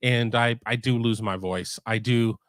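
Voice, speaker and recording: A man's voice: medium pitch, steady tone, a little slow, no room sound, studio quality. A middle-aged man hosting a sports talk stream from home, rambling casually with frequent restarts. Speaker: sports podcast host. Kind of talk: casual live-stream chat. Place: home room.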